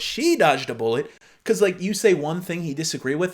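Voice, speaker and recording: A man's voice: sits high, lively intonation, fairly quick. A young man giving casual reaction commentary, blunt, profane and openly incredulous. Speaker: online commentator.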